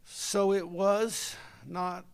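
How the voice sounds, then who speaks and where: Man, preacher, high-pitched, folksy sermon. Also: little pitch movement, very slow, vocal fry, clean tone. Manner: folksy, conversational, talks with the congregation.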